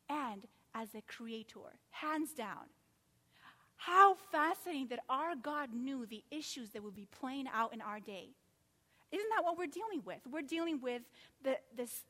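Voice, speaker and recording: Woman preacher, high voice, animated rhetorical sermon, long church-hall reverb. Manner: animated, rhetorical questions, acts out quotes.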